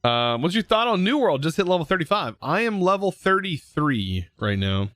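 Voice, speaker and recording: A young man live streaming, chatting casually with viewers in a relaxed, rambling way full of fillers and restarts. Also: high voice, moderate pace, no room sound. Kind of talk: casual chat reading viewer comments.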